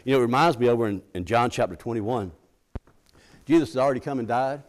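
A man's voice: mid-range voice, fast. A middle-aged man preaching a sermon in a folksy, conversational way, often restarting his sentences and acting out the scripture quotes.

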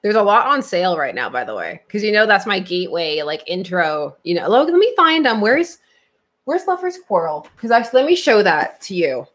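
A woman's voice: medium pitch, big pitch swings, normal speed, fairly bright tone. Chatty, giggly woman comics host. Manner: chatty, giggly, thinks aloud. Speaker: comics channel host answering live chat. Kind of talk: casual live-stream chat.

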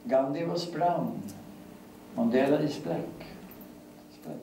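An older man giving an academic lecture, speaking deliberately and repeating key phrases. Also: on the high side, mellow. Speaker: guest lecturer. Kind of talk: academic lecture answering questions. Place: lecture hall. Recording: echoey hall, distant mic, faint hiss.

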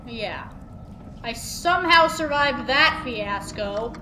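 A woman's voice: high voice, lively intonation, slow, a bit bright, slight background noise. A woman playing a horror game and commenting, panicky, swearing and repeating words in frantic bursts. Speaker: let's play gamer.

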